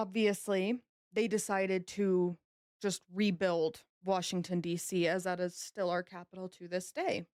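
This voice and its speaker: A woman's voice: medium pitch, dry recording. Podcast co-host, woman, chatty history telling, dry close sound. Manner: chatty storyteller, laughs easily. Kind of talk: casual history podcast chat.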